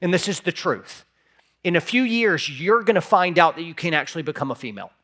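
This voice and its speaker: Impassioned high-voiced male pastor preaching. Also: lively intonation, a little fast, fairly bright tone. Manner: impassioned preaching, acts out imagined replies in a raised voice. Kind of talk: sermon.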